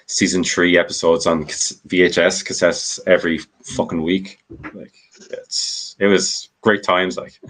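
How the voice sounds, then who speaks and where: A man guests on a casual podcast, chiming in with quick jokes and playful jabs. His voice is on the low side for a man. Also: little pitch movement, fairly bright tone. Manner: joking, quick wisecracks.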